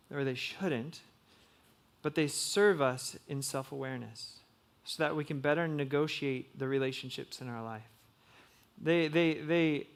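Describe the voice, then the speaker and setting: A young man delivers a relaxed, chatty sermon to a young adult group. His voice sits a little higher than most men's. He talks loosely, peppering his points with "like" and "um" and restarting sentences as he goes. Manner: conversational, many fillers like "like" and "um". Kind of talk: casual sermon.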